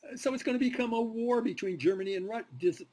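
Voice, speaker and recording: A man's voice: extremely high pitch, racing, darkish tone. A man giving a university history lecture to a class, emphatic and fond of rhetorical questions.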